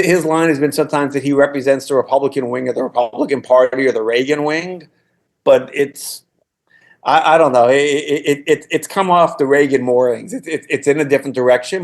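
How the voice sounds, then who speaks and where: A man in his sixties, a former political staffer, telling anecdotes in a casual podcast conversation, often restarting his sentences. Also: mid-range voice. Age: 60s. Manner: anecdotal storytelling with frequent restarts.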